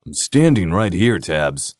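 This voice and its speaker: A man doing a gruff grumpy big brother. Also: sits low, sing-song, unhurried, a little mellow, no echo, studio quality.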